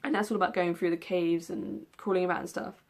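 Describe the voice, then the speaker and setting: A woman's voice: on the low side, fairly even intonation, fast talker, vocal fry. A young woman chatting casually in a book vlog tag video, rambling with lots of ums and the odd yawn. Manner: rambling, with many ums and yawns. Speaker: book vlogger.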